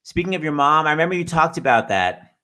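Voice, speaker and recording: A man hosting a video call show, prompting guests with quick questions. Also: a little high, expressive, bright, forceful tone. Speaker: host.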